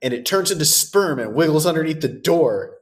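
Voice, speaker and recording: Lively sarcastic podcast co-host. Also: medium pitch, a little fast. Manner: animated, sarcastic, swears freely. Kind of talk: casual movie recap chat.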